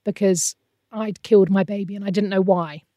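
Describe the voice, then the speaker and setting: A woman's voice: medium pitch, normal speed, no echo, lo-fi sound. A woman in her thirties, a guest telling a painful personal story in an earnest, emotional way. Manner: earnest, emotional, animated quoting of others.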